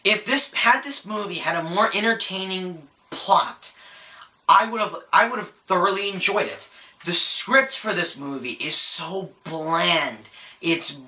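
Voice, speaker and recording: Young guy ranting about bad movies, bright punchy voice, echoey room, keeps repeating himself. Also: high voice, measured pace. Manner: exasperated, emphatic, repeats words when worked up. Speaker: movie reviewer. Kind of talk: ranting film review. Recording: roomy echo.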